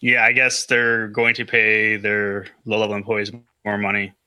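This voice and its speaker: A man co-hosts a casual podcast chat, rambling along with fillers and stalled restarts. His voice is strikingly bright and forward. The sound is dry and close, with no room around it. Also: on the low side, completely flat delivery, normal speed, clear, resonant tone, no echo. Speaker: podcast co-host.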